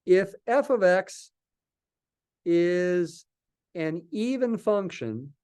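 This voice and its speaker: A man's voice: high voice, expressive, extremely slow, darkish tone, smooth. A man lecturing a calculus class in a slightly raised voice. He thinks aloud as he works, stops and restarts, and answers his own questions. It sounds like an unscripted classroom lecture. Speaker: math lecturer.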